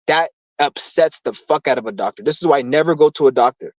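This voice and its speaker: A man's voice: a little high, brisk, few pauses, no echo. Young guy ranting on his stream, cussing a lot, muffled dry lo-fi sound. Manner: profane, heated, rambling. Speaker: channel host. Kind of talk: casual rant on a live stream.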